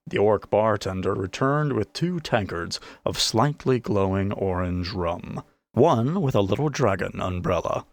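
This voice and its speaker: A man reading a fantasy audiobook in a lowish voice. His delivery rises and falls in a lively way. The sound is close and dry with no room echo. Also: a little slow. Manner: expressive storytelling. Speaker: narrator. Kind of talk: audiobook narration.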